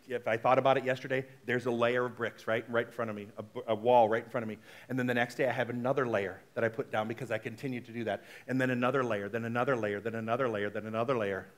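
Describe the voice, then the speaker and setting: A male minister giving a conversational sermon, animated and chatty, often checking in with the congregation. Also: medium pitch. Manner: chatty, frequently asks the congregation "right?"; animated, shifts between loud exclamations and soft asides.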